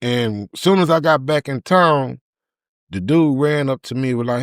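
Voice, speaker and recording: A man's voice: mid-range voice, a little slow, clear, resonant tone, dry recording. Man, middle-aged, storytelling, acts out quoted voices, dry sound. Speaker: podcast guest. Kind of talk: storytelling interview.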